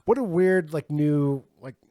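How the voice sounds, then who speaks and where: A man's voice: on the high side, lively intonation, unhurried, dark tone. A man co-hosting a podcast, joking and swearing in casual banter. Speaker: podcast co-host. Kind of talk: casual chat.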